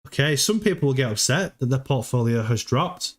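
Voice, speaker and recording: A man's voice: medium pitch, expressive, fairly quick. A man hosting a casual livestream, chatty, often repeating words and laughing as he talks. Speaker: livestream host.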